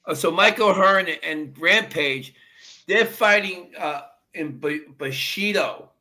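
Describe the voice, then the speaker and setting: A man in a casual chat, explaining in a halting way as he searches for words. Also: high-pitched, sharp tone.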